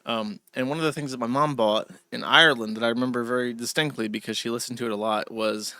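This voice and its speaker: A man's voice: medium pitch, steady tone, fast talker, sharp tone, clean tone, no room sound, studio quality. A man hosting a livestream, rambling through a casual monologue with digressions and asides to his chat. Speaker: livestream host.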